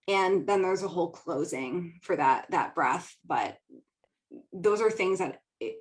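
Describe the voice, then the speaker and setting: A chatty young woman from the Midwest talks through her own solo podcast. Her voice sits a little low for a woman. She laughs easily and fills her sentences with "like". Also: moderate pace. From American Midwest. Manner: chatty, laughs often, says "like" a lot. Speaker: podcast host and business coach. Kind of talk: casual solo talk.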